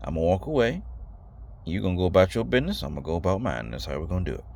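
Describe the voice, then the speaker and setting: A man's voice: low-pitched, lively intonation, rapid-fire, vocal fry, darkish tone. A man giving a blunt, rambling casual talk to his viewers, slangy and repeating himself. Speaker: video host. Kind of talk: casual direct-to-camera talk.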